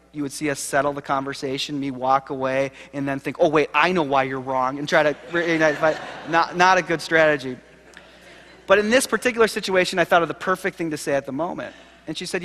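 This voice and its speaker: A man, a seminary professor, giving a keynote lecture, telling stories with animated, self-deprecating humor. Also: fairly high pitch. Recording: long hall reverb.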